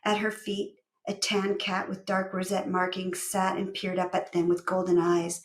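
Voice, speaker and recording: A woman author reading her own book aloud, with expressive storytelling. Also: on the low side, measured pace. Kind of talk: audiobook-style narration.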